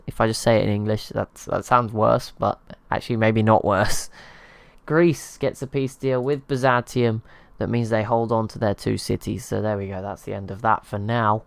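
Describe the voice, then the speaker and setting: This gaming channel host has a lowish, gravelly voice, recorded with no room sound. He offers loose, meandering commentary on a strategy game, poking fun at himself and laughing along the way.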